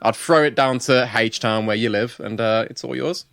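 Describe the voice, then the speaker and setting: A man's voice: mid-range voice, normal speed, creaky, a crowd in the background. A man, co-hosting a podcast in casual chat, jokey and playful, swearing casually. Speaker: podcast co-host.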